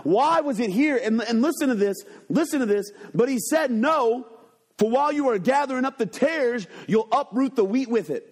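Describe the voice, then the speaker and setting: A man preaching a sermon to his congregation from a church, swinging between loud, urgent passages and low, hushed ones, with call-and-response phrases. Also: expressive, moderate pace. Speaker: pastor. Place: church sanctuary.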